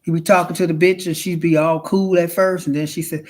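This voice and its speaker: A woman's voice: fairly low pitch, little pitch movement, fairly quick, hardly any pauses, a little mellow. A woman hosting a casual, comic livestream, sassy and drawling, who keeps calling her listeners honey. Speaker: livestream host. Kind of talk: casual comedic livestream chat.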